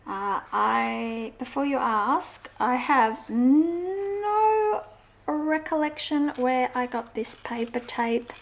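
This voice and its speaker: Woman, casual crafting chat, sing-song, chatty and meandering, slightly high voice, gravelly fry. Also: slow pace, hardly any pauses, a bit bright. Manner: chatty, meandering, with frequent fillers and self-corrections. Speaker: journaling vlogger.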